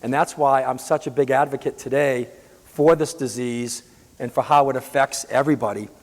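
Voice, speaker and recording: A man from the Boston area telling his own illness story as a patient advocate, earnest and halting, with frequent restarts. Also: medium pitch, steady tone, long reverb tail. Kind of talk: personal storytelling.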